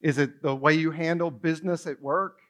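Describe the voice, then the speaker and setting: Male pastor, high voice, lively conversational sermon full of rhetorical questions. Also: normal speed.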